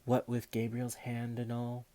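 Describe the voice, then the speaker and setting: A man reading aloud voices a kindly mother who speaks softly and gently. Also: mid-range voice, completely flat delivery, a little slow, lightly acted. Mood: gentle. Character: kindly, tidy mother of a family.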